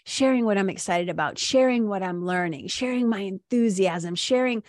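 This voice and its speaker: Lively New woman hosting a podcast. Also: mid-range voice, normal speed, no room sound, clean studio sound. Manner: enthusiastic and animated, with many "like" and "right?" asides. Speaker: podcast host. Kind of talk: casual monologue, retelling a coaching session.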